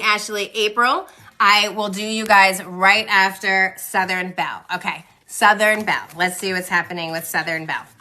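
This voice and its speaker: Woman, forties, tarot reader, bright clear voice, chatty and reassuring, phone live stream. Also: medium pitch. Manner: chatty, reassuring, talks to viewers by name. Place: home, livestream.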